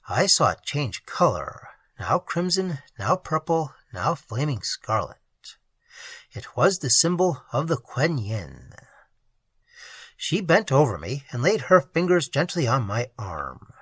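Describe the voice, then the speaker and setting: Expressive, breathy audiobook narrator. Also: no room sound. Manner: expressive reading with sweeping pitch swings.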